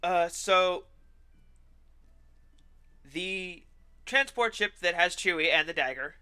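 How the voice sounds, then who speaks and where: A man streaming while he plays a game, ranting in an animated, sarcastic way and swearing now and then. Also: high-pitched, slow pace, clear, resonant tone. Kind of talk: ranting commentary while gaming.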